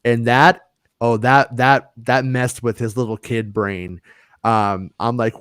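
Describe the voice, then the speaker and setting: A man's voice: medium pitch, unhurried, a bit bright, dry recording. Rambling man on a dry, close mic. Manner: rambling storyteller, many restarts and fillers. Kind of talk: casual chat.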